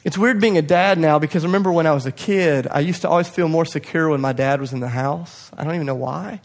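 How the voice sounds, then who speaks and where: A young man preaching a sermon to his church, passionate, swinging from loud urging to hushed quiet, with self-deprecating asides. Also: on the high side, quick pace. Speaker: pastor. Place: church hall.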